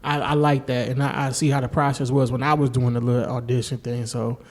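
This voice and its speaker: A man hosting a podcast, laid-back, asking questions with lots of fillers and shout-outs. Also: medium pitch, little pitch movement, fast. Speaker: podcast host. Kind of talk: casual interview chat.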